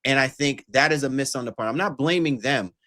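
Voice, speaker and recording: A man's voice: medium pitch, fairly quick, bright, forceful tone. Man hosting a casual basketball podcast. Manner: emphatic, long run-on arguments. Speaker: podcast host. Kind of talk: casual sports chat.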